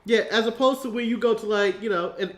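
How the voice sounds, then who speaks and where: An American man co-hosting a casual chat show, telling animated stories and laughing a lot. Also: sits high, fast. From United States. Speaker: podcast co-host.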